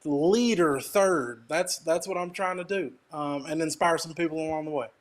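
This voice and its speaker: Higher-voiced man with an Arkansas twang. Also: moderate pace. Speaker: guest DJ. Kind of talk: casual interview chat.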